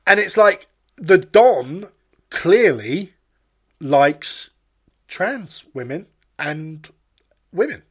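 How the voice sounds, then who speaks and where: A man's voice: sits high, very animated, very slow, pauses often, slightly rough. A man co-hosting a casual podcast chat, emphatic and sweary, tripping over repeated words when he gets going. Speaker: podcast co-host.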